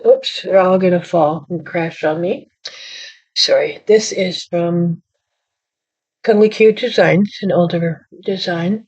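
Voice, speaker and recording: Low-voiced woman chatting about her crafts. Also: darkish tone, husky. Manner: rambling, self-deprecating, apologetic. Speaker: card-making channel host. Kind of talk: casual show-and-tell chat. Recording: dull lo-fi audio.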